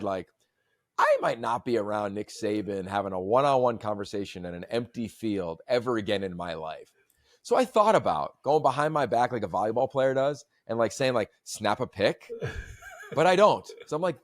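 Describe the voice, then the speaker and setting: A man hosting a podcast, telling stories in a long-winded, animated way. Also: mid-range voice, dry recording, studio quality. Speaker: podcast host. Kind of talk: casual chat.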